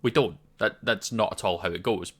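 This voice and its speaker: A man's voice: low voice, fairly even intonation, brisk, fairly bright tone. A Scottish man from Scotland hosting a casual gaming video, chatting loosely with frequent ums and restarts. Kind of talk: casual game commentary to camera.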